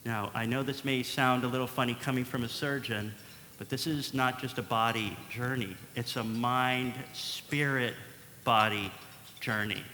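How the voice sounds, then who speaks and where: A man voicing a calm, earnest male surgeon in his late forties, speaking in a quiet, measured, reassuring way. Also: medium pitch, voice pushed down. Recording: echoey hall with faint noise.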